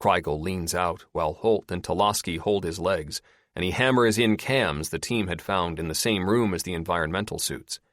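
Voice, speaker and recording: A man narrating a paranormal audiobook in expressive scripted storytelling. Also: low voice, normal speed, no room sound, clean studio sound.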